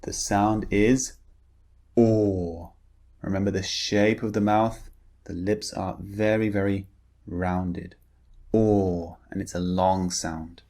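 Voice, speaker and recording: A man leads a pronunciation lesson, drawing out each vowel so learners can repeat after him. His voice sits low, and he speaks at a very slow, careful pace. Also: fairly even intonation, dark tone. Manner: slow, deliberate, drawn-out vowel demonstrations. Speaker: English pronunciation teacher.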